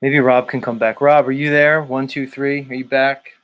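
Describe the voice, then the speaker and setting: A man's voice: mid-range voice, flat delivery, normal speed. Profane, casual man hosting a livestream. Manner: loose and profane, talks to the chat. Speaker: livestream host.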